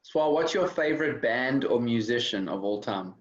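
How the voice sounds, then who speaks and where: A man hosts an interview in a mid-pitched voice, moving briskly from one direct question to the next. The recording sounds dull and lo-fi. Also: animated. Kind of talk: quick-fire interview questions.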